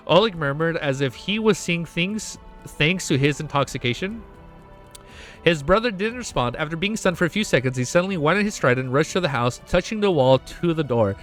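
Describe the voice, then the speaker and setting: A man's voice: on the high side, lively intonation, fairly quick, a bit bright, soft background music. A man reading a web novel aloud for his stream, breaking off now and then into emotional reactions. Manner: reads narration, breaks off into emotional reactions and swearing. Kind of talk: casual reading with excited reactions.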